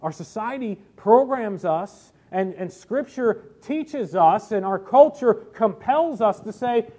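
A man's voice: high-pitched, expressive, slow, few pauses, mellow. A middle-aged man preaching a sermon, telling personal stories with self-deprecating humor. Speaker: pastor.

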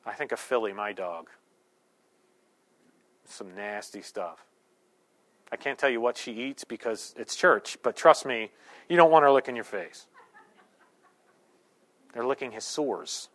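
A man preaching a sermon in a church, conversational and joking, with sudden loud bursts. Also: medium pitch, a little slow, pauses often. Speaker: pastor. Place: church sanctuary.

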